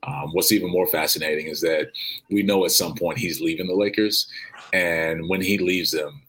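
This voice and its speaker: Deep-voiced man from Chicago. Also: fairly even intonation, moderate pace, fairly bright tone, husky, rough recording. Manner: loose, rambling, with many fillers. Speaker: podcast co-host. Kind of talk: casual sports chat.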